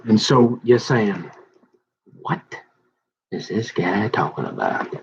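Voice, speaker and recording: A man rambling slowly through a casual monologue, folksy and meandering, with trailing asides. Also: on the low side, wildly swooping pitch, vocal fry, husky. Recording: dull lo-fi recording.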